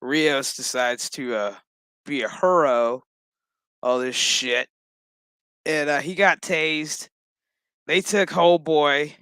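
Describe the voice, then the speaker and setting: Slow, bright-voiced man recapping a show. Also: fairly high pitch, clean tone, no echo. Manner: profane, laughing, loose storytelling. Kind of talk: casual episode recap commentary.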